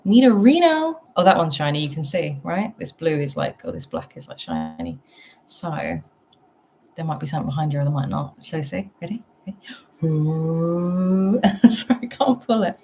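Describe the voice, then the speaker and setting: A woman's voice: sits low, normal speed, warm tone, faint music behind. A woman with a British accent chatting casually on a live stream, answering her chat and laughing at herself. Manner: chatty, self-deprecating, reads chat aloud.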